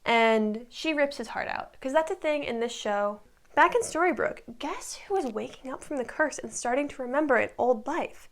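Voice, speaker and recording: A woman's voice: high-pitched, expressive, normal speed. A woman in her twenties recapping a TV show in a casual, rambling way, full of likes and ums. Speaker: recap vlogger.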